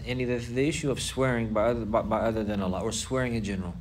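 A man giving a religious lesson, explaining points slowly and repeating key phrases for emphasis. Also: on the low side, steady tone, a little hiss or hum. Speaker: Islamic teacher.

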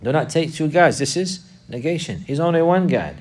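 A man's voice: fairly high pitch, lively intonation, moderate pace, darkish tone. A man teaching a religious class, repeating key phrases for emphasis and putting questions to his students. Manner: quizzes the class.

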